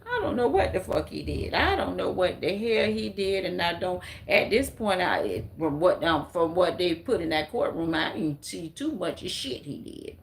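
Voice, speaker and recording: A woman's voice: on the low side, sing-song, moderate pace, vocal fry, hardly any pauses, slight background noise. A woman hosting a casual livestream, ranting bluntly and with lots of swearing as she talks straight to her viewers. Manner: blunt, profane, emphatic ranting. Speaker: livestream commentator.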